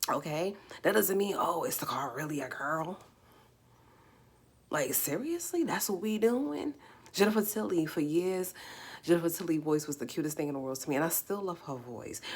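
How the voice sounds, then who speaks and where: A woman with a New York accent and a slightly raspy voice, hosting a live stream and talking emphatically, firing off rhetorical questions. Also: low voice, a little mellow. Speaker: livestream host. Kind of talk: casual live commentary.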